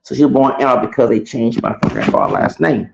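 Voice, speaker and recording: A man telling a heated, rambling personal story to camera, repeating himself and swinging between loud and soft. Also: mid-range voice, fairly quick, gravelly, highs cut off, slight background noise. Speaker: vlogger.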